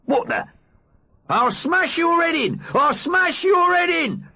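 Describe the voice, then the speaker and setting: A man voicing a threatening adult thug who speaks in a husky, menacing voice. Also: on the low side, very animated, normal speed. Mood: enraged.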